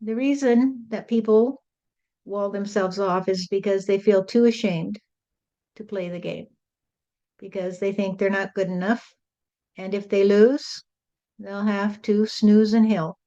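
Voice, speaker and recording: Woman channeling Jesus as a plain-talking, folksy male spirit: mellow voice, muffled lo-fi sound. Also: mid-range voice, close to an everyday voice. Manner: folksy, rambling, repeats "you see". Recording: dull lo-fi recording.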